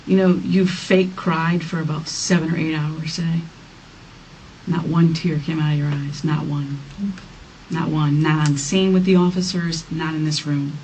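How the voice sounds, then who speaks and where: A woman's voice: low-pitched, fairly even intonation, moderate pace, darkish tone. A woman police detective pressing a suspect during an interrogation, firm and repetitive in her accusations. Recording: distant mic in a noisy interrogation room.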